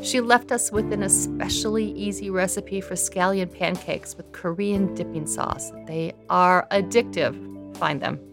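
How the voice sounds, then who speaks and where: A woman hosting a radio show, reading brisk scripted introductions. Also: mid-range voice. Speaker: radio host. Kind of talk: radio presenting. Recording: music bed under the voice.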